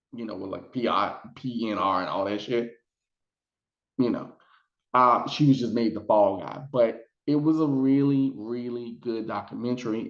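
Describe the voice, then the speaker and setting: A man chatting casually in a video review, retelling scenes with lots of fillers. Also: fairly low pitch. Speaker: psychic vlogger reviewing a documentary. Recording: roomy, dull lo-fi sound.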